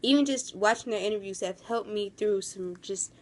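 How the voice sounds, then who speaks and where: A woman's voice: medium pitch, moderate pace. A young woman vlogging in a casual, rambling storytime, gushing and full of fillers.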